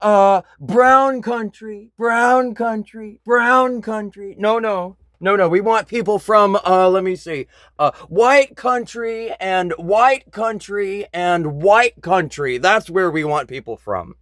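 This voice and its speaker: A man putting on a mocking impression of a blustering older male politician who talks in a halting, drawn-out, dismissive way. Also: high-pitched, a bit bright, dry recording, studio quality, voice pushed up.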